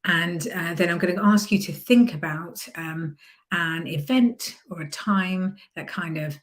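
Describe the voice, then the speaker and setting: A woman with a fairly low voice coaching listeners on a podcast. Her delivery is calm and encouraging, and she at times eases into a soft, gentle hypnotherapy tone to lead a guided visualization. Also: a little slow. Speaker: mindset coach.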